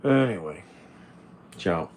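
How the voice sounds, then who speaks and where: Speaking slowly in a low, darkish voice with lively intonation, a man rambles through a casual stream from his home. He reads viewer comments and snaps back at them bluntly, with slight noise in the background.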